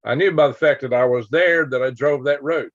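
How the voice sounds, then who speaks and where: A man's voice: medium pitch, brisk, no echo. A man, hosting a casual live stream and chatting with viewers, rambling through stories with sound effects and chuckles. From Alabama, US. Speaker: livestream host. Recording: dry, dull lo-fi home stream audio.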